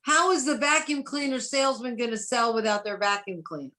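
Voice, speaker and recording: A woman's voice: fairly high pitch, brisk, bright, forceful tone. A woman on a video call eagerly sharing a story with her team in a chatty way. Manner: chatty, enthusiastic anecdote teller. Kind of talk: casual chat on a video call.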